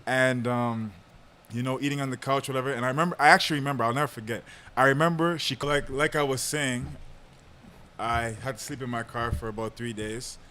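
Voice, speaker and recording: The young man hosting this podcast tells a lengthy personal story in a laid-back manner, laughing frequently and leaning on fillers. His mid-range voice has fairly even intonation and a sharp tone, and he speaks a little fast.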